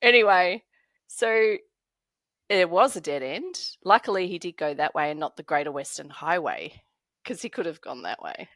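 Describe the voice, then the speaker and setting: Animated storytelling woman, lively pitch. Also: moderate pace, no echo. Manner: laughs often while telling a story, acts out quoted voices. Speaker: podcast guest.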